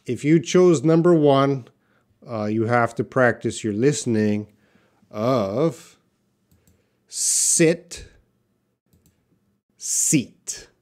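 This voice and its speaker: A man's voice: medium pitch, slow, darkish tone. A man teaching a live online English pronunciation lesson, stretching out example words and chatting casually with viewers.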